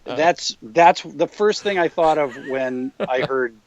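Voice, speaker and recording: A man guesting on a podcast, telling stories in a relaxed way with many fillers and the odd quick impression. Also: fairly high pitch, no echo. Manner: relaxed storyteller, frequent fillers, slips into impressions. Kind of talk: casual anecdote-telling. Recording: slightly dull lo-fi podcast audio.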